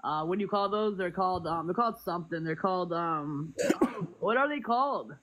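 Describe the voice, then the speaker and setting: A woman's voice: fairly low pitch, lively intonation, normal speed, a bit bright. Playful woman doing a mock-official bit. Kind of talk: playful improvised skit.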